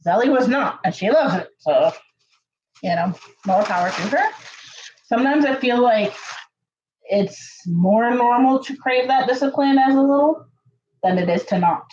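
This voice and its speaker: A woman telling a story to her viewers in a casual, chatty way, full of fillers and lively jumps in pitch. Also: unhurried, long pauses, muffled recording. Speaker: channel host.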